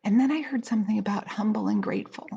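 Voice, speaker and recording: A woman's voice: medium pitch, fast talker, vocal fry, warm tone, slightly rough. A middle-aged woman telling a personal story in a casual live video, chatty, with lots of fillers and restarts. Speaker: speaker trainer hosting a weekly live video. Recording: slightly dull, lo-fi sound.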